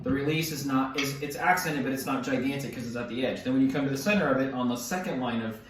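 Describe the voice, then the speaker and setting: Over loud music, a man with a medium-pitched voice talks fast as he casually walks through snare exercises as a drum instructor. He counts beats aloud and keeps restarting or apologizing, captured by a distant mic in a very echoey room.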